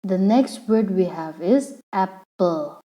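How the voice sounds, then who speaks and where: A woman teacher explaining a lesson patiently, repeating each word slowly so the syllables come through. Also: mid-range voice, animated, warm tone, rough recording. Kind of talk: slow classroom explanation.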